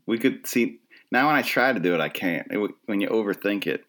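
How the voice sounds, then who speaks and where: A man's voice: on the low side, animated, fairly quick, a bit bright. A middle-aged man hosting his own podcast, delivering a rambling comedic monologue full of self-deprecating, wry asides. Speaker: podcast host.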